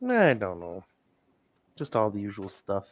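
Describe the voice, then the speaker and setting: A man chiming in on a casual podcast chat. He talks in halting bursts, starts sentences over, and sometimes loses his train of thought midway. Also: on the low side, huge pitch swings, a crowd in the background.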